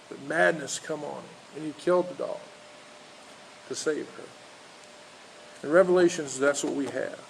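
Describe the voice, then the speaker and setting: A man preaching an informal sermon, telling a story with many pauses, fillers and restarts. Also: a little high, vocal fry, a little hiss or hum, poor audio. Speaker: pastor. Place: outdoors in a park.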